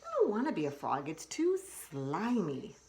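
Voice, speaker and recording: A woman voicing a stubborn little frog who keeps wishing to be another animal, high and pleading in tone. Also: wildly swooping pitch, moderate pace, dark tone, exaggerated voice. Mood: whiny pleading. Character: whiny little boy frog, stubborn and wishful.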